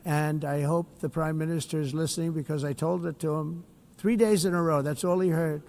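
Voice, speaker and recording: A man's voice: on the high side, fairly even intonation, brisk, a little mellow. A man giving a formal speech to an assembly as head of state, blunt and boastful, repeating himself with rambling asides from a podium mic in a large hall.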